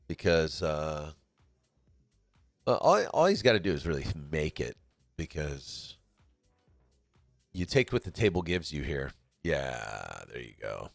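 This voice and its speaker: Man from California, casual pool commentary, deep voice, laid-back and chatty, dry close mic, faint music. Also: sing-song, unhurried, vocal fry, long pauses, no room sound. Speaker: stream commentator.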